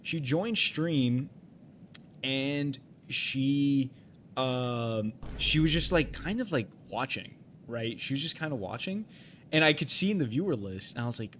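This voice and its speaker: On a live game stream, a young man with an ordinary mid-pitched, fairly bright voice rambles through a personal story. He circles back and restarts sentences, leaning on fillers and casual swearing, expressive but at a measured pace. A little hiss or hum sits under the audio.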